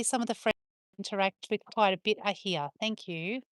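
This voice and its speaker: A woman's voice: medium pitch, normal speed, a bit bright, no echo, studio quality. Chatty Australian woman live-streaming on her farm. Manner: chatty, talks to her dogs and viewers in turn. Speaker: livestreamer on a farm. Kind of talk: casual live-stream chat.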